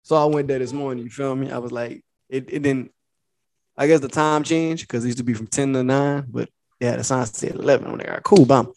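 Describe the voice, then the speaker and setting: Fast-talking animated man telling a story. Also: mid-range voice, no echo. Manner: animated, profane, acts out both sides of the story. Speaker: podcast co-host. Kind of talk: casual storytelling.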